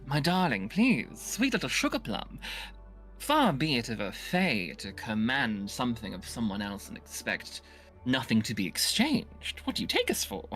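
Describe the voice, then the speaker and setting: A woman's voice: very deep voice, huge pitch swings, moderate pace, a bit bright, faint music behind, voice pushed down, full character voice. Woman doing a fawning fae steward. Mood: flattering. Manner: flowery, ingratiating speech with pet names.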